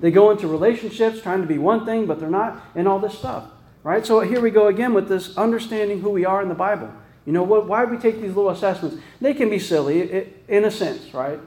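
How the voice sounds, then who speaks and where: A man with a fairly high voice preaches in a loose, conversational way, checking in with his listeners through frequent "right?" and stopping to restart his phrases. His voice rings around an echoey room. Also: brisk, a little mellow. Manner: casual, peppered with "right?" tag questions and restarts. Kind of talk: conversational sermon.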